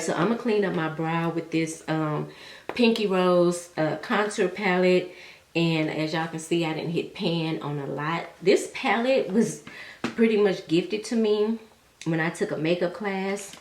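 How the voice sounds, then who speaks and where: A woman's voice: on the low side, echoey room, slight background noise. A young woman chatting casually to her viewers while she does her makeup, heartfelt and full of slang. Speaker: beauty vlogger.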